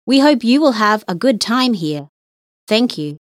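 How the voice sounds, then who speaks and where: A woman reading English listening-test passages slowly and with careful enunciation. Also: on the high side, very animated, dry recording, studio quality. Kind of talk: scripted exam reading.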